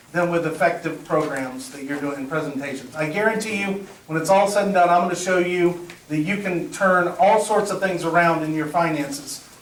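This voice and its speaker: A middle-aged male presentation skills trainer gives a live workshop talk in a meeting room with an audience, his high-pitched voice full of energy. He tells stories, acts out dialogue and laughs at his own jokes. The recording is roomy and picked up from a distance.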